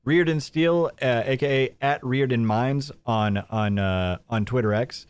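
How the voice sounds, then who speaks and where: A man's voice: mid-range voice, unhurried, smooth, no room sound. A male host giving mocking live commentary on a clip, chatty and laughing often.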